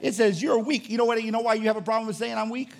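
A male pastor preaching a fervent sermon, swinging from loud calls to hushed asides. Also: high voice, fairly even intonation, rapid-fire, creaky.

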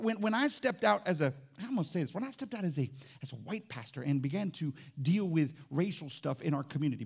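A man preaching a lively sermon as pastor in a church, swinging between shouts and low asides. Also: vocal fry, slightly rough. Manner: animated, shouts and drops low, playful asides. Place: church sanctuary.

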